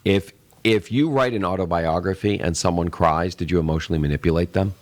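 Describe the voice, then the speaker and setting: Deep-voiced man explaining, rambling. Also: brisk. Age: middle-aged. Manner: rambling, explains with acted-out sales examples. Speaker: tech show co-host. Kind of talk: casual podcast discussion.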